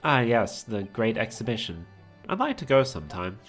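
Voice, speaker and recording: A man's voice: lowish voice, very animated, moderate pace, a bit bright, faint music behind, pitched below the performer's own voice. A man voicing a mild, hesitant young male lawyer with a light British accent in a video game. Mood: glum. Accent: British, put on.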